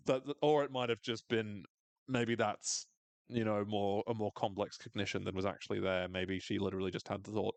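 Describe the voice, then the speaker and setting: A man's voice: on the low side, fairly even intonation, fairly quick, vocal fry, dry recording. A man hosting a podcast, recapping a TV episode in casual chat, swearing freely and acting out characters' lines in funny voices.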